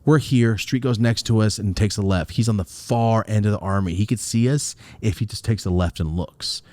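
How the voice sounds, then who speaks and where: A young man hosting a podcast, telling a personal story in a casual, profane, animated way with a close, dry sound. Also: a little fast, no echo. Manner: animated, profane, swinging wildly in pitch. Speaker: podcast host.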